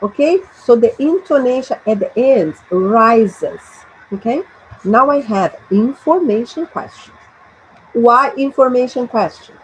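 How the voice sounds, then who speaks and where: A woman's voice: fairly high pitch, expressive, unhurried, muffled recording, a little hiss or hum. A Brazilian woman with a Portuguese accent teaching an English grammar lesson, drilling short phrases for students to repeat.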